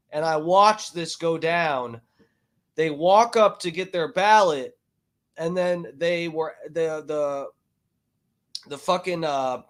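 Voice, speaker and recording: Rambling, foul-mouthed male streamer. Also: a little high. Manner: rambling and profane, with many fillers and restarts. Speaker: livestream host. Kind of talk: casual stream chat, storytelling.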